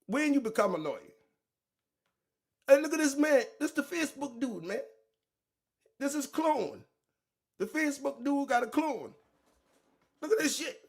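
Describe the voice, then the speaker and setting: A man hosts a reaction show, loud and mocking, in heavy street slang. His voice sits high and swings widely, with a gravelly edge to it. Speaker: commentary show host. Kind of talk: profane reaction commentary on a played clip.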